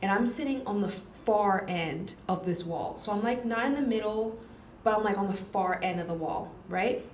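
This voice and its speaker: Animated young woman telling a story. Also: medium pitch, moderate pace, slight background noise. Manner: animated, swearing, laughing, talks to viewers as "girl". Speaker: podcast host. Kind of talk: casual storytelling chat. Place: library study room.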